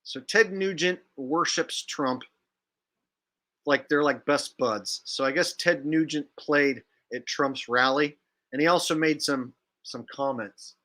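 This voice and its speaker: A man's voice: fairly high pitch, slow pace, bright, forceful tone. A young man hosting a casual commentary vlog, talking sarcastically and rambling, filling his sentences with "like". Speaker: vlogger and channel host.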